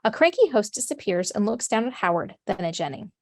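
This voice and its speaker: A woman narrating the stage directions of a script in a steady, matter-of-fact way. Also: medium pitch, brisk, no room sound, clean studio sound.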